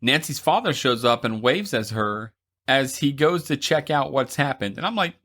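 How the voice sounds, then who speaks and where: Male podcast co-host, bright and forceful, casual plot recap with laughing asides. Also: mid-range voice, animated, moderate pace. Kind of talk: casual movie recap chat.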